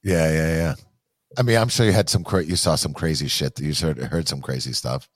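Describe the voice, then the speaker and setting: A man hosting a podcast in casual chat, swearing a lot and acting out other people in loud outbursts. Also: rumbling low, brisk, no room sound. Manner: profane, animated, mimics people in loud outbursts. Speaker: podcast host.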